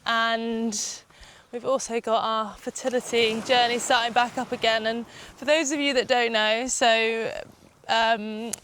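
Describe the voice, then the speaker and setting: A woman's voice: on the high side, fairly even intonation, unhurried, fairly bright tone, slight background noise. A woman from the UK co-hosting a vlog, chatting casually while walking along a beach. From United Kingdom. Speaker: vlog co-host. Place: outdoors on a beach.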